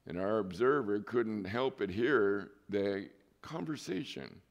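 A pastor with a somewhat low voice delivers a sermon in a church. He tells his story conversationally, turning to his listeners with easy asides. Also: animated, slow, gravelly, dull audio.

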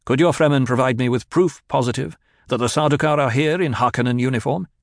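A man plays an imperious young duke heir who talks down to his elders in a forceful, cold voice. The audiobook sound is dry and close, with no room around it. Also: medium pitch, quick pace, creaky, no room sound, voice pushed up, close to an everyday voice. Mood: commanding.

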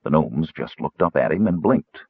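A man narrating a fantasy audiobook in an expressive storytelling manner. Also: extremely low pitch, normal speed, breathy edge, dry recording, narrow, tinny audio. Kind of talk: scripted narration.

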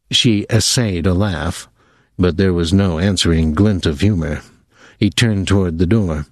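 A man giving a measured, even audiobook narration of a novel. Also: sits low, no echo. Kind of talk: scripted narration.

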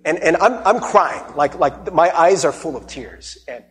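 Male pastor, young adult, husky and fairly high, halting conversational sermon delivery. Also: animated, a bit bright. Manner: conversational, halting with many fillers and repeated words. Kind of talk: personal testimony sermon.

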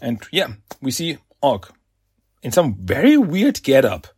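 A man's voice: medium pitch, measured pace, husky, dry recording, clean studio sound. A man hosting a podcast, casually recapping a comic with lots of fillers and laughs. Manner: animated, filler-heavy, laughs often. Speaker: podcast host.

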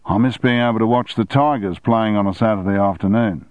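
A man's voice: on the low side, brisk, a little mellow, dry recording, highs cut off, lightly acted. A man voicing a male Australian newspaper editor with an Australian accent, slightly breathless and eager to please.

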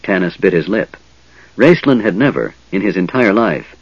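A man narrating a fantasy novel in a dramatic, expressive reading. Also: low voice, moderate pace, breathy edge, dry recording, highs cut off. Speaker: audiobook narrator.

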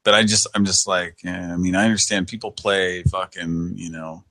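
A man's voice: deep voice, level tone, normal speed, bright, forceful tone, dry recording. A man hosting a podcast in loose, profane chat, laughing often and swearing casually. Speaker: podcast host.

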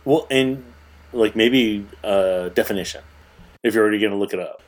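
A man's voice: on the low side, normal speed. A man co-hosting a casual podcast, joking playfully and reacting to his co-host. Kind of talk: casual chat.

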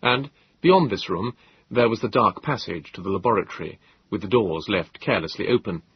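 A man narrating an audiobook in a measured, expressive storytelling manner. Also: on the low side, husky, no room sound, dull audio. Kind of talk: scripted narration.

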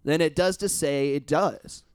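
A man with a fairly high voice chats loosely, rambling through his points and swearing freely for emphasis. The sound is dry and close, with no room behind it. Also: a little slow, smooth, no echo. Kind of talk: casual chat.

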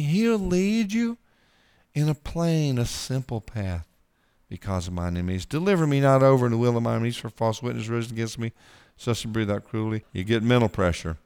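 Folksy preacher in a reverberant hall. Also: male voice, medium pitch, expressive, brisk, clean tone. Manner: folksy, swings from hushed to emphatic. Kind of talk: sermon.

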